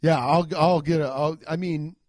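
A man's voice: a little high, normal speed, dry recording, studio quality. A man hosting a podcast, telling comic stories in a profane way and acting out quotes in goofy voices. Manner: animated, profane, acts out quotes in silly voices. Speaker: podcast host. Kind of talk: comedic storytelling.

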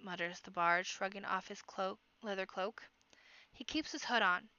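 A woman reading a children's fantasy audiobook aloud, expressive, with occasional slips and restarts. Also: mid-range voice, clean tone, no echo, highs cut off. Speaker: amateur audiobook reader. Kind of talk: storybook narration.

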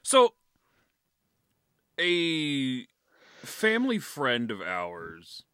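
A man's voice: mid-range voice, huge pitch swings, drawn-out words, a bit bright, smooth, no echo, clean studio sound. A man chatting casually on a podcast, hesitant and self-deprecating, with frequent ums. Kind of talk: casual chat.

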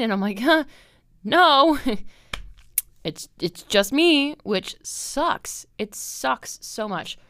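A woman's voice: lowish voice, fairly bright tone, clear, resonant tone, no room sound, clean studio sound. A young woman in her twenties hosting a casual solo podcast, chatty and candid, full of "like" and "um", swearing freely. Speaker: podcast host.

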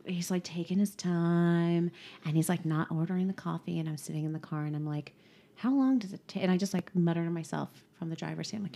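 A woman telling a wry story in casual chat, sometimes dropping to hushed muttering. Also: lowish voice, fairly quick, creaky.

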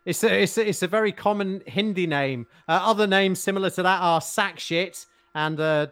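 A man co-hosting a podcast, telling crude stories in halting casual banter. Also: high voice, a bit bright, smooth. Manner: chatty, halting with fillers, crude humour. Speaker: podcast co-host.

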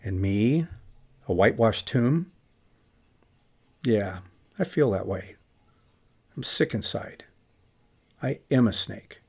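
A man acting out the quiet inner monologue of a remorseful Pharisee who reproaches himself. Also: fairly low pitch, animated, slow pace, long pauses, breathy edge, voice pushed down, exaggerated voice. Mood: bitter. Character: remorseful middle-aged male Pharisee, brooding and self-accusing. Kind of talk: dramatized inner monologue in a lecture.

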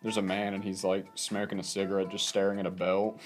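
A man in casual chat, reacting to a music video with easy laughter and animated comments. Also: sits low, brisk.

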